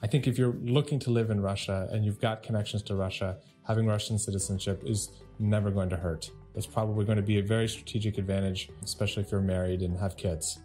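A man hosting a casual podcast, upbeat and animated as he tells stories. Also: fairly low pitch. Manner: upbeat, animated storytelling with frequent laughs. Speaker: podcast host.

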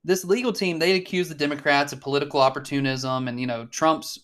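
A man's voice: a little high, steady tone, fast, fairly bright tone. Blunt, swearing man in casual chat. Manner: blunt, swears often, frequent fillers and restarts. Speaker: podcast co-host.

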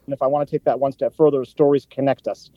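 A man's voice: medium pitch, fairly even intonation, fast, dry recording. A man from Canada joining a talk show to ask the guest an earnest, polite question. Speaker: audience member with a question. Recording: dull, lo-fi sound.

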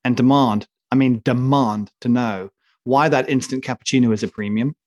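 A man's voice: medium pitch, normal speed, a little mellow, no room sound. Emphatic ranting man, dry sound. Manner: emphatic, ranting, comically indignant. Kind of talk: casual opinionated chat.

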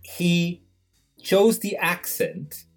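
A middle-aged man, a doctor, telling animated stories from his hospital work in a casual chat. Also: high voice, extremely slow, soft background music. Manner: animated anecdote teller, acts out dialogue.

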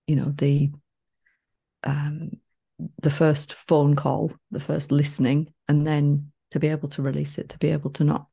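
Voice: medium pitch, creaky, warm tone, slightly rough. A podcast co-host in casual chat, teasing and playful.

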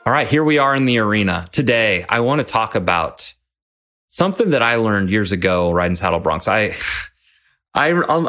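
A man's voice: mid-range voice, fairly bright tone. A man hosting a leadership podcast, telling a personal story in an earnest, folksy way with some restarts. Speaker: podcast host and leadership coach.

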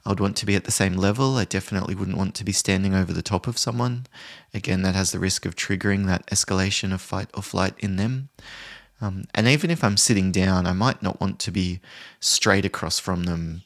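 Calm low-voiced man explaining steadily. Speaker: conflict resolution trainer. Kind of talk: podcast explainer, solo talk.

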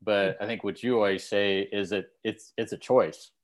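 A man co-hosting a podcast, chatting casually in an unhurried way. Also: lowish voice, fairly even intonation. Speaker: podcast co-host. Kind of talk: casual chat.

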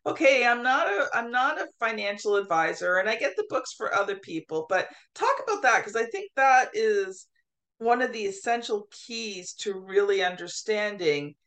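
Bright, playful interviewer. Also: medium pitch, big pitch swings, normal speed. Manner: playful, informal. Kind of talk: casual interview questions.

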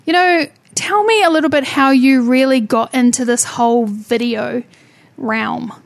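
A woman's voice: high voice, unhurried, gravelly, no room sound. A woman hosting a podcast, introducing her guest in a gushing, chatty way. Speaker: podcast host. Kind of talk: casual podcast interview.

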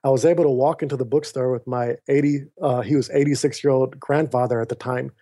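A man's voice: mid-range voice, fast talker. A man guesting on a podcast, earnestly recounting a personal story and acting out the dialogue over a remote call. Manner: earnest, animated retelling with quoted dialogue. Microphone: remote call mic.

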